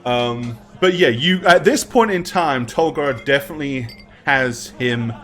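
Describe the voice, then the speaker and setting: A man's voice: mid-range voice, unhurried, fairly bright tone. A man narrating a tabletop game as game master, with many fillers.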